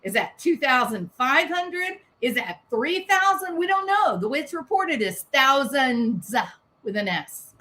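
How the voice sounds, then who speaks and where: A woman's voice: high voice, very animated, unhurried, pushed and bright. A woman giving sarcastic, indignant commentary on a press conference, firing off rhetorical questions.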